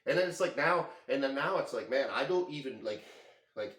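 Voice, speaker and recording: A man's voice: medium pitch, expressive, a little fast, a bit bright. A man venting in an intense, profane monologue, leaning heavily on filler words. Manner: heavy use of filler words. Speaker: vlogger. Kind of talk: emotional monologue. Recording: echoey room.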